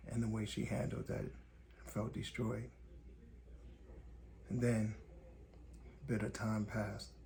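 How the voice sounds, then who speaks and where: A man from Indiana hosting a podcast, telling a personal story in calm, deliberate, short measured phrases. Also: on the low side, gravelly, slight background noise. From Gary, Indiana, USA. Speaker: podcast host. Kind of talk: reflective personal storytelling monologue.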